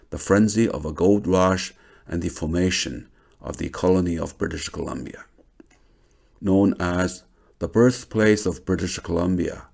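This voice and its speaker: Male documentary narrator, low voice with a rough, gravelly edge, steady scripted read.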